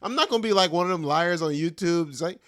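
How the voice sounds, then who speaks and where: Speaking at a quick pace in a slightly high, somewhat bright voice, a middle-aged man rambles through his own podcast. He's a stand-up comedian, and he jokes at his own expense in relaxed slang.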